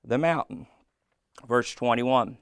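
Slow gravelly preacher man. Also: medium pitch, no echo, studio quality. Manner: slow, call-and-response questions to the congregation. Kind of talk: sermon.

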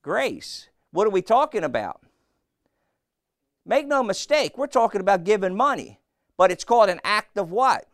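Blunt, gravelly-voiced preacher man. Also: sits high, very animated, moderate pace, dry recording, studio quality. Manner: blunt, folksy, asks the congregation questions. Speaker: pastor. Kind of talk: sermon.

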